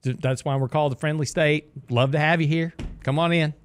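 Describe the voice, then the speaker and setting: A man's voice: on the high side, steady tone, brisk, a little hiss or hum, natural voice. A man putting on a folksy male politician welcoming newcomers.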